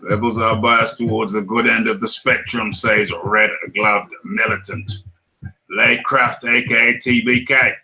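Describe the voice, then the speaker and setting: A man's voice: lowish voice, level tone, measured pace, sharp tone, soft background music, rough recording. A man with a British accent hosting a casual live stream, playful and laughing often, repeating his lines as he reads the chat.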